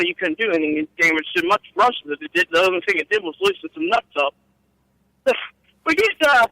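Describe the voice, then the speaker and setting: Middle-aged man, bright tense voice, rambling profane storyteller, dry close sound. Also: high voice, no room sound, poor audio. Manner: rambling, profane, laughing at his own stories. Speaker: guest storyteller. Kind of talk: casual storytelling.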